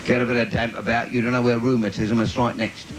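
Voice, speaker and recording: A man doing bawdy stand-up cabaret patter on a theatre stage, with sudden squeaky asides. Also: little pitch movement, fast. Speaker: stand-up comedian. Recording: noisy 1980s live video.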